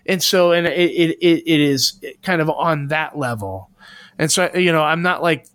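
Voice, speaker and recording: A man with a fairly high voice, talking earnestly in a casual podcast chat. He often restarts while he searches for the right words. The recording is close and dry, with no room sound. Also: normal speed, a bit bright, clear, resonant tone, dry recording. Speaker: podcast co-host.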